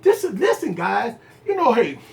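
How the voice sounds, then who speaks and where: A man's voice: very high-pitched, wildly swooping pitch, moderate pace, gravelly, darkish tone. A man hosting a tech livestream, giving his opinions emphatically, repeating phrases and asking rhetorical questions straight to his viewers. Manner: talks straight to viewers as "guys". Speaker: tech channel host and business owner.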